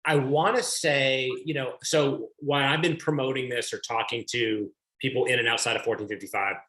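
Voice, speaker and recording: A man's voice: mid-range voice, fairly even intonation, normal speed, pushed and bright. A man hosting an author talk over a video call, asking questions in a rambling way with many restarts. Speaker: host of an author series. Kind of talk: interview questions. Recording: roomy echo.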